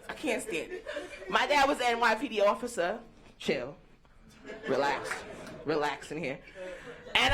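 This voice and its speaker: A young woman doing a brash, profane stand-up set, teasing the crowd. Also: medium pitch. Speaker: stand-up comedian. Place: comedy stage before a live audience. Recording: live stage mic with crowd laughter.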